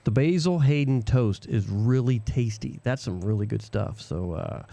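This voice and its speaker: A man co-hosting a live radio show in casual chat, animated, laughing and rambling between asides. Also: medium pitch, moderate pace, vocal fry, no room sound. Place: small radio studio.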